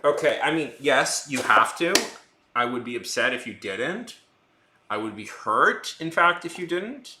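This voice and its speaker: Bright, lively young man in a roomy room. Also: medium pitch, a little slow, slight background noise. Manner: rambling and joking, often restarting sentences. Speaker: art streamer. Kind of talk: casual chat with a live stream audience. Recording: roomy echo.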